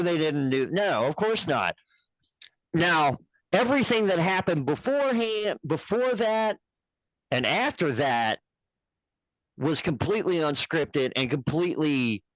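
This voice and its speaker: A man's voice: on the high side, big pitch swings, a little slow, long pauses, no echo, rough recording. A man who produces a puppet show, telling stories as a podcast guest in a rambling, profane, laughing way. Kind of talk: casual storytelling chat.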